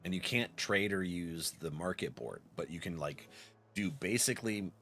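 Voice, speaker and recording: A man's voice: moderate pace, soft background music. A man streaming a game, chatting casually with his viewers and reading their messages aloud, laughing often. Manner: chatty, reads chat aloud, laughs often, lively swings in pitch.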